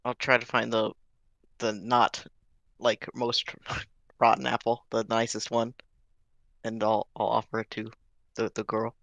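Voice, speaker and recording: A tabletop player rambles hesitantly while describing what a character does. The voice is gravelly and creaky. The recording is dry and close. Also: medium pitch, monotone, unhurried, long pauses, fairly bright tone, dry recording, dull audio. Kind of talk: casual game chat.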